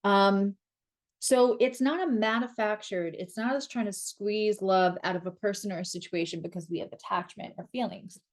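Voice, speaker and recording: A woman's voice: medium pitch, fairly even intonation, normal speed. A woman giving a casual tarot reading to camera, blunt and sarcastic, and she swears freely. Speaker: astrologer and tarot reader.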